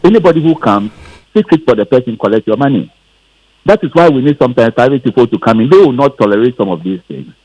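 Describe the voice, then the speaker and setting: Fields: Sex: man. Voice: dark, mellow. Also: medium pitch, animated, fast, low-quality recording. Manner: argumentative, emphatic. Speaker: caller. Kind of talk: call-in opinion.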